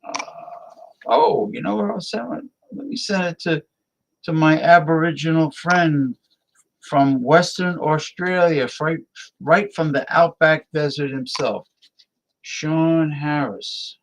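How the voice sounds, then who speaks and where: A man's voice: fairly high pitch, slow, low-quality recording. A man hosting a live-stream talk show, rambling casually and muttering to himself as he invites guests.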